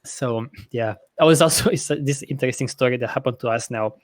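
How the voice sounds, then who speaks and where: Rambling, profane podcast host. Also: male voice, medium pitch, fairly quick, no echo. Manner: rambling, profane, self-correcting; laughs often. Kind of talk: casual podcast chat.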